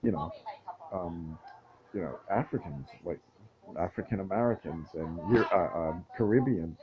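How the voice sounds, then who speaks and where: A man talking alone in a rambling casual monologue, halting often with fillers and restarts. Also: low voice, highs cut off.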